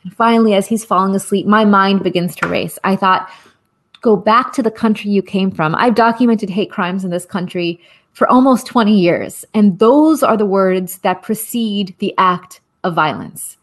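A forties-aged activist appearing as a guest speaker tells her own story in a mid-range voice at a moderate pace. Earnest and impassioned, she falls into a rhythmic cadence of repeated phrases, punctuated by soft laughs.

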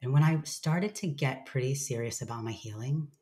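This woman has an unusually deep, low voice. She talks openly and reflectively as an interview guest. She swears offhandedly and slips into playful voices when quoting her own self-talk. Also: normal speed, darkish tone. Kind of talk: candid conversational sharing.

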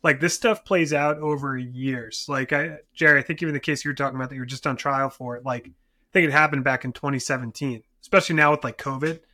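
Man, New Jersey accent, injury lawyer, rambling podcast chat, bright voice, dry close sound. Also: mid-range voice, steady tone, no room sound. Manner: rambling, filler-heavy, quick mimicry.

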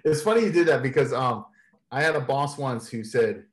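Male interview guest, middle pitch, lively storyteller who laughs often. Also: normal speed. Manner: animated, laughs often while telling stories.

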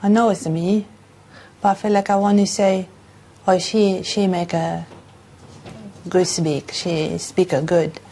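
Man putting on a woman with post-stroke accented English, slow and gravelly, halting and flat. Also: high-pitched, slight background noise. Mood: wistful. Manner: halting, broken grammar. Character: woman speaking broken, foreign-accented English after a stroke.

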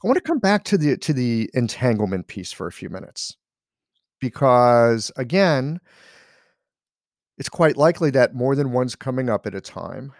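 A man's voice: medium pitch, sing-song, normal speed, no room sound, clean studio sound. A man hosting an interview, asking curious questions and thinking aloud as he goes. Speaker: host, interviewer. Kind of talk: casual interview chat.

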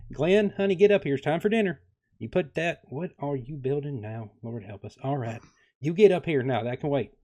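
A man's voice: fairly high pitch, lively intonation, fairly quick, darkish tone. Southern mom with a put-on drawl, doting but bossy, played by a male game master. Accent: American Southern, put on. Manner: drawling, endearments like sweetie and honey. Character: fussy Southern mother, middle-aged woman, doting.

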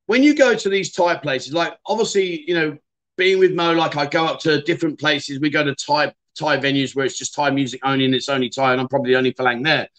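Man, middle-aged, rambling livestream chat, fairly high voice, lots of ums. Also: fast, fairly bright tone. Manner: chatty, rambling, many fillers and restarts. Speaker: livestream host.

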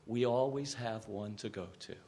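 A man's voice: fairly low pitch, moderate pace, dark tone. A man pastor preaching a sermon with earnest emphasis, sometimes repeating words and raising his voice on quoted cries.

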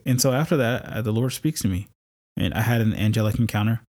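A podcast host with a wife and kids tells a personal faith story quickly, his voice lowish and a bit dark. He keeps it conversational, narrating with fillers and occasional laughter.

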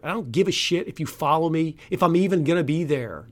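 Male podcast host, slightly higher voice, furious and foul-mouthed, rants alone between outbursts and weary asides. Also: expressive, a little fast. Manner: angry, profane, swings from shouting to weary muttering. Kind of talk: solo podcast rant.

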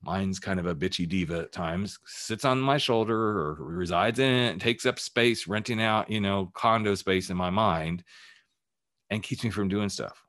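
A man's voice: low-pitched, normal speed, a bit bright. A man who works as a life coach, giving a candid, emphatic motivational talk on his podcast and swearing casually as he goes.

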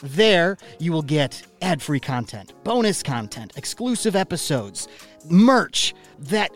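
A man's voice: fairly high pitch, very animated, takes it slowly, faint music behind. A young man hosting a casual podcast from a small studio in a theater building, joking and rambling as he talks. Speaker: podcast host.

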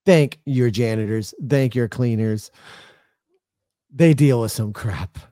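A man's voice: medium pitch, takes it slowly, warm tone, dry recording. Rambling New man, dry mic. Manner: loose, rambling storytelling with frequent laughs and swearing. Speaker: podcast co-host. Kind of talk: casual chat.

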